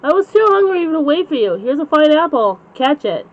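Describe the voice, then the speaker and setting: Woman reader doing a plucky little storybook pig, high voice, slightly muffled lo-fi sound. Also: big pitch swings, moderate pace. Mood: cheerful. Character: clever cheerful little boy pig. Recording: slightly dull lo-fi recording.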